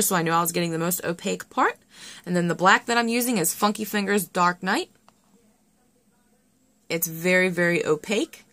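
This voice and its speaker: A young woman chatting excitedly through a nail art tutorial, full of fillers and self-deprecating asides. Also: mid-range voice, no echo. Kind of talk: casual tutorial chat.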